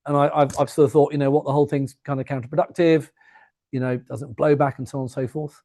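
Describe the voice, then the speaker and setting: A man giving an evening history talk to a live audience in a museum, chatty and full of jokey asides. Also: fairly high pitch. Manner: chatty, jokey asides, quick lively delivery. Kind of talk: public lecture with anecdotes. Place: museum lecture room before a live audience.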